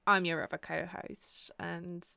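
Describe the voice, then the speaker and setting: A woman's voice: lowish voice, unhurried, gravelly, clear, resonant tone, no room sound. A woman co-hosting a podcast, chatting casually and giggling often. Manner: giggly, bubbly and expressive. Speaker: podcast co-host. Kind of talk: casual chat.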